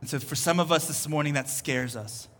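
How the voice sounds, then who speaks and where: A pastor preaches a sermon at a church service, earnest and repeating his phrases as he builds each point, and he voices Jesus in quotes. His voice is fairly high, brisk, and a bit bright.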